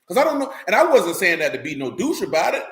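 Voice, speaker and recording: A man with a high-set voice delivers a casual, streetwise sermon. He speaks bluntly and keeps asking whether his listeners follow. The room around him rings with echo. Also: big pitch swings, quick pace, a bit bright. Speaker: preacher. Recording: roomy echo.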